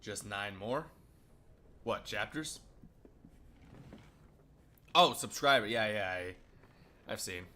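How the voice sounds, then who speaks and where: A man's voice: on the low side, lively intonation, slow, pauses often, pushed and bright. A man streaming a game, chatting casually with viewers, swearing and laughing between lines. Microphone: headset or desk mic.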